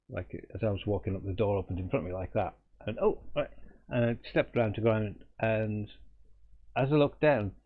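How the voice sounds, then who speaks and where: Brief: middle-aged male artist streamer, lowish voice, tinny phone-like sound, chatty rambling storyteller. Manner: rambling, chuckling, restarts mid-sentence. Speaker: artist hosting a live drawing stream. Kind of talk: casual anecdotal storytelling.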